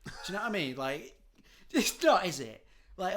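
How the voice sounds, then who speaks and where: A man chatting on a comedy podcast, swinging between soft, hushed storytelling and loud, laughing outbursts. His pitch jumps around a lot as he rants and jokes, swearing casually. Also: moderate pace. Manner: animated storytelling, swears freely, laughs often, drops to a hushed tone. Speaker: podcast host.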